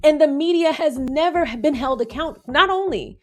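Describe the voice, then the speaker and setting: A woman hosting a casual commentary monologue, animated and sarcastic as she acts out scenarios. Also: high-pitched, moderate pace, soft background music. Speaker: commentary channel host.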